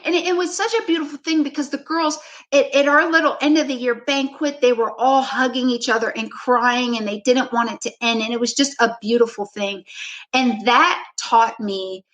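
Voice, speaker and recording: A woman basketball coach, a podcast guest, telling a story in a relaxed, reflective way, often filling with "you know" and acting out her own past words. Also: high-pitched, normal speed, poor audio. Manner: frequent "you know" fillers. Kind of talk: storytelling in a conversational interview.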